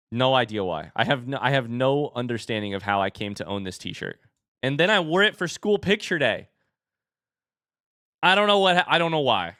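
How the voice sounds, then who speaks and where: A young man live-streaming as he opens card packs and chats with viewers, turning excitable and hyping each reveal. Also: clear, resonant tone, no room sound, studio quality. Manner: excitable, bursts into high shouts; hype commentary.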